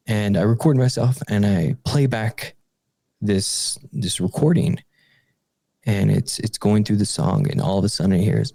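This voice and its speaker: A young man, a podcast guest, recounting a frightening personal paranormal story in a halting way, with restarts, fillers and small nervous laughs. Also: lowish voice, warm tone, no echo.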